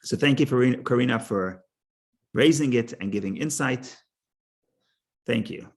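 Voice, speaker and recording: A man teaching a Torah class, halting, repeating words and restarting, and explaining with stories and jokes. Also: medium pitch.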